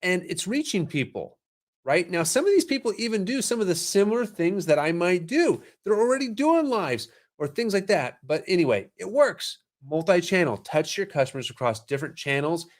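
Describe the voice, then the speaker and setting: Guy doing a marketing livestream, a bit high voice, pumped and salesy, chatty asides. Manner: energetic, salesy, quick asides. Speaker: marketing show host. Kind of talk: casual live-stream talk.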